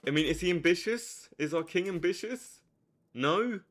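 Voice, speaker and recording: A young man giving live commentary on a strategy game, swinging from low muttering to hyped outbursts. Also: lively intonation, normal speed. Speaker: streamer.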